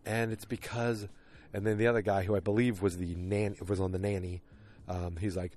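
A podcast host recapping a TV show chats casually, rambling with plenty of fillers and restarts. His voice is on the low side and darkish, with a steady tone and normal speed.

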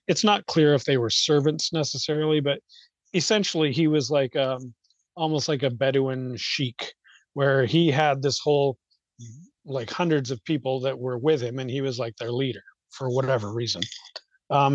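A man of middle pitch talking things through off the cuff, pausing often and restarting his sentences. The sound is dry and a little dull and muffled, with no room around it. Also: no echo. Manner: rambling, hesitant, with many fillers and restarts. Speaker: guest. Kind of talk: unscripted explanatory talk.

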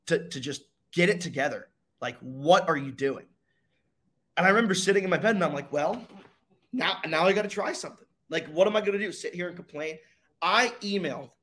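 A young man, a racing driver, telling his story in a casual interview with dramatic pauses and energy. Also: fairly high pitch, a bit bright.

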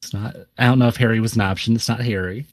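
Man co-host, low and dry, thinks aloud, swears freely. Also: fairly even intonation, quick pace, no room sound. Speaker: podcast co-host. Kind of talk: casual chat, guessing aloud.

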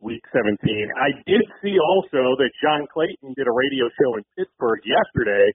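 A man, a sports reporter, calling in to a radio show and chatting quickly in a newsy way. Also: medium pitch, lively intonation, slightly rough. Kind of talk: phone-in sports radio chat. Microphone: phone. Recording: tinny phone line.

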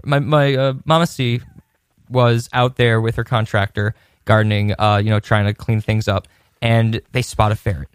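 A man's voice: lowish voice, little pitch movement, moderate pace, smooth, no echo, studio quality. A man telling a rambling personal story in a casual podcast chat, with many restarts and laughs.

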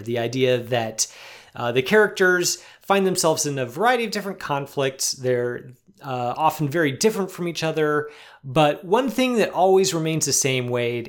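A man's voice: a little high, a bit bright. A man co-hosting a film podcast, talking in a thoughtful, self-deprecating way. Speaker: podcast co-host. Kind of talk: casual film discussion.

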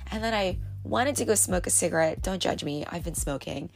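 Speaking briskly over music, a woman with a lowish, expressive, gravelly voice hosts a podcast on a boat. She rambles candidly in a casual confessional monologue, with many fillers and small laughs.

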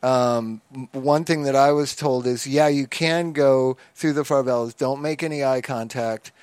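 Dude chiming in on a podcast, laughing a lot, dry close sound. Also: male voice, mid-range voice, steady tone, measured pace, a little mellow, clean tone, no room sound. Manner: laughs easily, chimes in. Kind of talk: casual chat.

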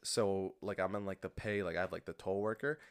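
A man's voice: low-pitched, fairly even intonation, brisk, clear, resonant tone. A young man co-hosting a podcast in casual chat, rambling with many "like" fillers and laughing easily. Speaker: podcast co-host.

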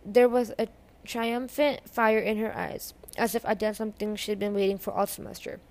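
A woman reading a novel aloud at a middle pitch. She narrates steadily, chapter by chapter, and gives the characters light voices as they speak. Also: fairly even intonation, normal speed, a little mellow. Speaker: reader. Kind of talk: audiobook-style reading of a novel.

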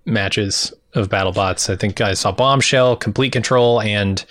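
A man with a lowish voice recaps a show in relaxed, easygoing chat. The sound is dry and close, with no room around it. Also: unhurried, few pauses, no room sound. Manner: relaxed, recaps scenes from notes. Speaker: podcast co-host.

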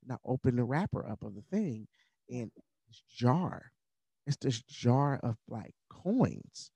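In a mid-range, husky, mellow voice, a man speaks slowly but animatedly as a podcast guest sharing a personal story. He's earnest and candid, talking conversationally with fillers and moments of emotion, and the recording is dry.

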